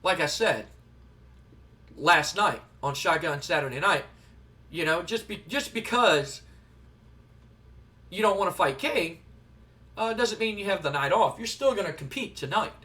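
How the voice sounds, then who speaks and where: A smug male manager teases and stalls in a sly, drawn-out way, as a man puts him on. His voice sits high and bright, recorded from a distance. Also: expressive, heavily acted. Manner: sly, teasing. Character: smug male wrestling manager, teasing and coy.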